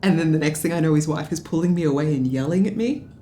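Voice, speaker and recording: A woman's voice: sits low, fast talker, dark tone, reverberant, slight background noise, lightly acted. An actress playing a drunk Australian political media adviser, bitter and sarcastic as she rambles through a story. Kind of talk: film drama dialogue.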